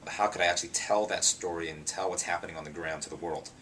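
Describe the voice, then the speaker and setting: A young man with a low, deep voice and a bright, forceful edge, speaking in a casual interview. He tells his story in an animated, chatty way, full of ums and you-knows. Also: fast, slight background noise. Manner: animated, chatty, many fillers like um and you know. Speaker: pastor and singer interviewed.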